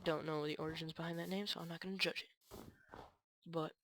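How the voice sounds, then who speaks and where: A woman's voice: low voice, steady tone, brisk, fairly bright tone, slight background noise. A woman giving casual game commentary, telling a rambling, aggrieved story full of fillers. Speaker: gaming channel creator.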